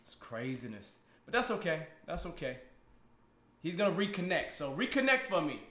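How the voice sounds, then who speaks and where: A man's voice: a little high, very animated, normal speed, fairly bright tone. A man hosting a casual live stream with a guest on a video call, joking, teasing and laughing often. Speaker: podcast host. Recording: roomy echo.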